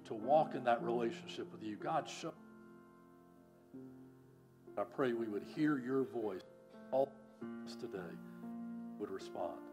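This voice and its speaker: A man preaches from a church pulpit at an everyday mid pitch, earnest and pleading. He swings from hushed, low appeals to loud, emphatic peaks, then leads a prayer. Faint music plays softly under his voice. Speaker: pastor. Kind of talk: sermon and closing prayer.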